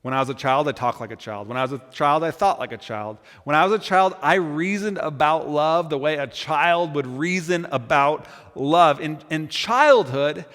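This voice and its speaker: Male pastor, high voice, earnest sermon delivery with repeated words, big reverberant hall. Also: lively intonation, moderate pace, few pauses, fairly bright tone.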